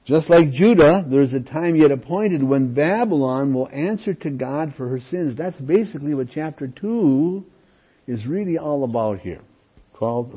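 A man preaches a sermon in a husky voice at an ordinary pitch for a man. He keeps a conversational tone and checks in with his listeners as he goes. The recording sounds dull and lo-fi. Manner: conversational preaching with frequent "okay?" check-ins. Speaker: pastor.

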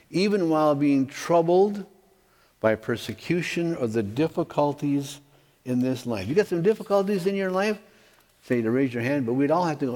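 A man's voice: medium pitch, darkish tone. A middle-aged man preaching a sermon as a pastor, earnest and conversational, with casual asides to the congregation. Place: church sanctuary. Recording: long hall reverb.

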